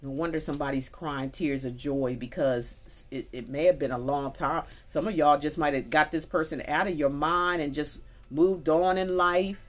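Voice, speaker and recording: A woman's voice: sits low, steady tone, moderate pace, hardly any pauses. A woman giving a casual spoken tarot reading, chatty and folksy, talking straight to her viewers. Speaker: tarot reader. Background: faint music.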